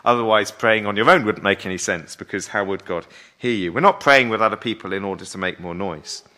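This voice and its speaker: A man's voice: lowish voice, brisk, pushed and bright. A man preaching a sermon in a conversational way, often asking his listeners rhetorical questions.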